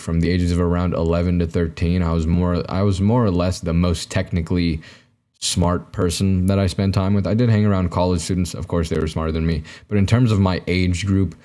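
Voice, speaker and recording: Young male podcast host, deep and mellow, self-deprecating ramble to camera. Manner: self-mocking, rambling with many fillers and restarts. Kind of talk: solo comedic monologue to camera. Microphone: camera mic, recording himself.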